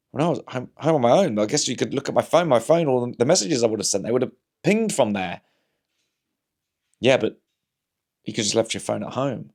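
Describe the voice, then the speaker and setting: A man, a comedian, talking to camera in a casual rambling monologue, wry and anecdotal, often restarting his sentences. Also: on the low side. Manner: wry, anecdotal, talks himself through hypotheticals with frequent restarts. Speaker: comedian and vlog host.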